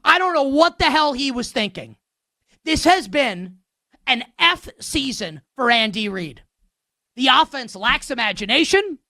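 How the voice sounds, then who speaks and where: A man's voice: very high voice, very animated, a little slow, bright, forceful tone, no echo, clean studio sound. A man hosting a sports betting show, delivering a heated, sarcastic rant with emphatic repetition. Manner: sarcastic, ranting.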